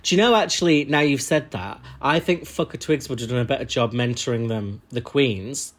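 Blunt podcast co-host, medium pitch, outspoken and sweary. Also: male voice, normal speed. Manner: blunt, opinionated, swears freely. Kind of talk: casual chat.

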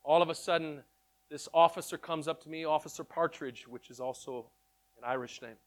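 A man telling his testimony in an animated storytelling way, excitable and repeating words in quick bursts. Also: on the high side. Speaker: speaker sharing his testimony.

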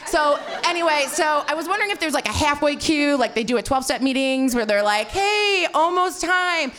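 Animated, self-mocking woman storyteller. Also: high voice, quick pace. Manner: animated, swearing, heavy filler "like"; self-mocking, frequent laughter. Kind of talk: live personal storytelling.

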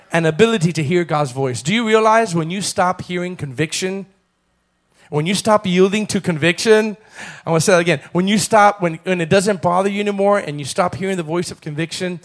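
A man preaching a sermon as pastor, calling on the congregation to repeat phrases and building to loud, fervent passages. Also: on the high side. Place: church.

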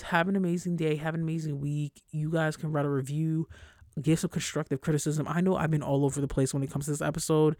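A young adult podcast host talks alone in a casual, blunt, slangy way, swearing a lot, and when worked up the voice shoots high and loud. Otherwise the tone stays level and the pace quick, in a dry, studio-quality recording.

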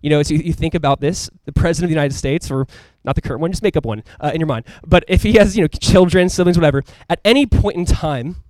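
A man preaching a sermon as a pastor in a casual, conversational and animated way, full of asides to the congregation. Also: a little high, fast talker, hardly any pauses, dry recording. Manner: animated, emphatic delivery.

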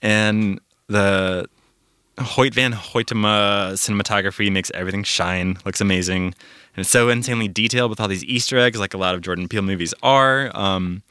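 A man giving a casual film review on a podcast, relaxed, with frequent ums. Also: lowish voice, moderate pace, clean tone, dry recording.

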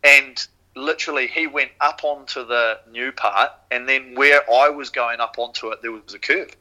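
A man with a New Zealand accent tells a story as a podcast guest in a loose, casual way. He swears freely and brings the scene back to life as he goes. His voice sounds very bright and forceful, and his pitch sits in an ordinary middle range. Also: normal speed, rough recording. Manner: swears freely, animated retelling. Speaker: podcast guest, former rower.

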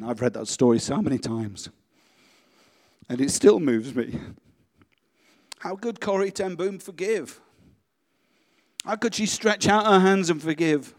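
A man preaching a sermon and leading a congregation in quiet prayer. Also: a little high, lively intonation, unhurried, pauses often, big-room sound. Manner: reads a story aloud, then speaks softly and prayerfully. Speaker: pastor.

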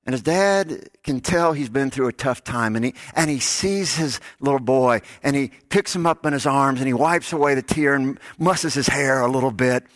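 Male pastor mid-sermon, storytelling, close dry sound, sinks low and quiet to make points. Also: moderate pace, few pauses, no echo. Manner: storytelling, drops to soft low tones on key lines.

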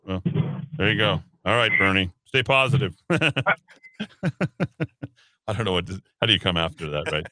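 A sarcastic man hosts a talk radio show, teasing his callers bluntly. His voice is bright and lively, swinging up and down in pitch. The studio sound is close and dry. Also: normal speed, pauses often, dry recording. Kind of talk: casual talk radio banter. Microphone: studio microphone.

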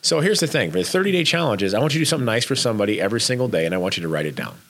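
A man's voice: on the low side, big pitch swings, very fast, fairly bright tone. A man co-hosting a casual chat, urging listeners to be kind, talking emphatically and bluntly with frequent restarts.

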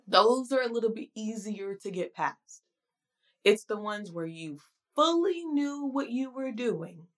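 A woman preaching a casual devotional sermon in a conversational, slangy and emphatic way. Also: medium pitch.

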